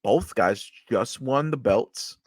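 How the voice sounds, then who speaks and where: A man's voice: mid-range voice, lively intonation, takes it slowly, noisy background. A man co-hosting a wrestling podcast, talking casually and analytically, with profanity and ums. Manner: laid-back analytical, profane, with filler ums. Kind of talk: casual chat.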